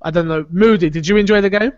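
A man hosting a casual podcast chat, talking in an animated, opinionated way. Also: high-pitched, fast talker, dry recording. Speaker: podcast host. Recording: dull lo-fi audio.

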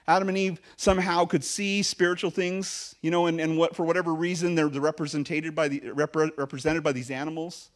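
A male pastor preaching a sermon in a conversational, animated way, with frequent fillers and restarts. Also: a little high, a little fast, few pauses.

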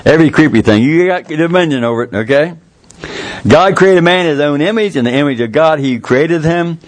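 A man preaching a sermon in a folksy, earnest way, jumping up in pitch to stress a point. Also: animated, no room sound. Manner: folksy, earnest, with quick rises in pitch for emphasis.

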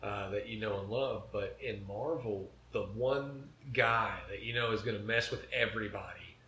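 A man's voice: fairly low pitch, normal speed, bright, forceful tone, a little hiss or hum. A man co-hosting a casual chat, enthusiastic and a bit hammy. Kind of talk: casual chat about comic-book movies. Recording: echoey room.

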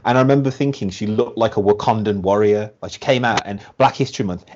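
A man's voice: on the low side, fast talker, a little mellow. A man co-hosting a wrestling podcast, rambling casually and acting out what wrestlers said. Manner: rambling, acts out quotes. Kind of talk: casual chat. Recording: muffled lo-fi sound.

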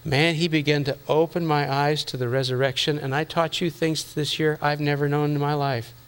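A man's voice: a little high, level tone, moderate pace, clean tone. A middle-aged male pastor giving a sermon in a conversational way, teasing the congregation and acting out inner voices.

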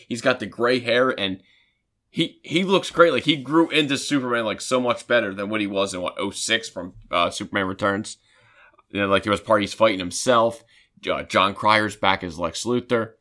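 Guy with a bright forceful voice, rambling fan chat, keeps restarting. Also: lowish voice, normal speed. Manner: rambling, restarts often, excited fan talk. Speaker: podcast co-host. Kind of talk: casual chat.

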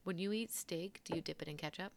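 A woman co-hosting a podcast in casual chat, animated and casually swearing. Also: fairly low pitch, fast, no echo. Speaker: podcast co-host. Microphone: headphones with studio mic.

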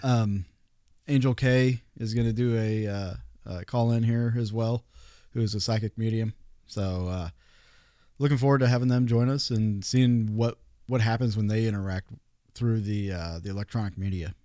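A man's voice: lowish voice, fairly even intonation, normal speed, mellow, dry recording, studio quality. A man talking casually as a podcast guest, rambling with many fillers and restarts. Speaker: guest paranormal investigator.

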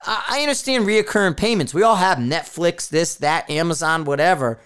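A man's voice: a little high, normal speed, fairly bright tone, clear, resonant tone. A man hosting a podcast, talking casually in a blunt, profane, rambling way with frequent restarts. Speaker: podcast host. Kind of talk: casual solo podcast rant.

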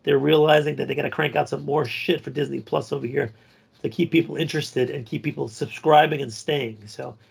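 Gravelly, husky man in crude podcast banter. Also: on the high side, steady tone, fairly quick. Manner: crude, joking, rambling. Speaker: podcast co-host. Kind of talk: casual podcast chat.

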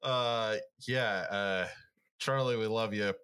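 A man's voice: lowish voice, fairly even intonation, takes it slowly, pushed and bright, clean tone. A man co-hosting a podcast, chatting casually with teasing, wry remarks and frequent laughs. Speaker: podcast co-host. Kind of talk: casual chat.

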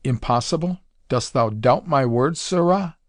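A man's voice: lively intonation, unhurried, no echo, studio quality. A man voicing a fierce, proud warrior officer who speaks in archaic thee-and-thou English. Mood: menacing. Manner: archaic thee-and-thou speech, deep and commanding.

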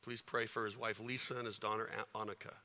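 A man preaching a sermon to his congregation, chatty and full of rhetorical questions, building to forceful passages. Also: lowish voice, little pitch movement, quick pace. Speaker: pastor. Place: church sanctuary. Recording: reverberant hall.

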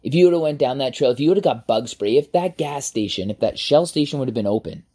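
A man in his forties, a podcast host, telling a personal story in a casual, animated way and swearing freely. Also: mid-range voice, a little fast. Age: 40s.

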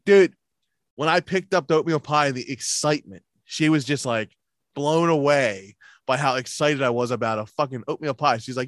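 A man's voice: mid-range voice, normal speed, no echo, clean studio sound. Foul-mouthed man telling a rambling story. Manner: crude, rambling storyteller, swears constantly. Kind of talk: casual chat.

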